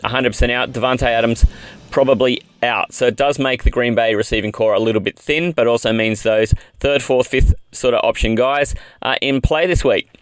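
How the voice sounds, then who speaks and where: A man's voice: medium pitch, moderate pace, smooth, no echo. A man with an Australian accent hosting a podcast, talking in a chatty, upbeat, rambling way. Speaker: podcast host. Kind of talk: casual fantasy football podcast chat.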